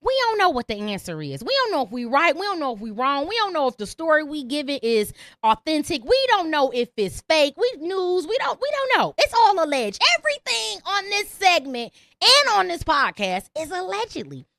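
A woman's voice: sits high, very animated, normal speed, fairly bright tone, no echo. A young woman hosting a call-in podcast, ranting brashly and profanely at her listeners. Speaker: podcast host.

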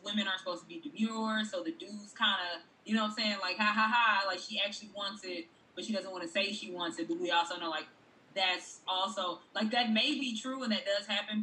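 A woman's voice: mid-range voice, pushed and bright. A woman co-hosting a casual chat, talking in a loose, slangy way with laughing asides. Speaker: podcast co-host. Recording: voice a bit distant from the mic.

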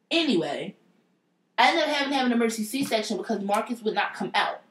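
A woman's voice: on the high side, lively intonation, fast, fairly bright tone. A woman telling a personal story in a blunt, profane and emphatic casual way. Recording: roomy echo.

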